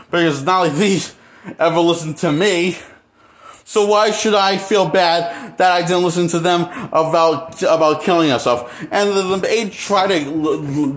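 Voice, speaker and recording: A man talking alone to camera in an unscripted monologue, halting and bitter, trailing off into pauses and then bursting out. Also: sits high. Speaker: vlogger.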